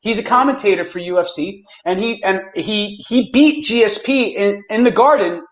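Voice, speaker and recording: Excitable high-voiced podcast host. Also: male voice, normal speed, roomy sound. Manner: excitable, swearing, acts out movie lines. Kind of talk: casual movie review chat.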